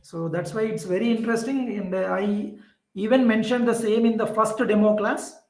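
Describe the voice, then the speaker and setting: A man with an Indian English accent teaching a poetry lesson, explaining slowly and repeating points with many fillers. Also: high-pitched, steady tone, reverberant, low-quality recording. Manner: slow, repetitive explaining with fillers. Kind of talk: classroom lecture on poetry.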